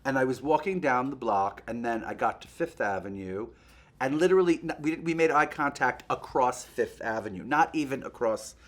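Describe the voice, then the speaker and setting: A man hosting a show, chatting in a gossipy comic monologue to a puppet and breaking into quick impressions. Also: mid-range voice. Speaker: host.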